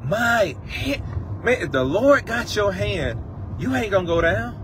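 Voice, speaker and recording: A man's voice: high voice, big pitch swings, moderate pace. Preacher guy, emotional, swoops all over, bit of street noise. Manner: impassioned, emotional preaching with singing and repetition. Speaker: pastor. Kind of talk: sermon. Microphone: livestream phone mic.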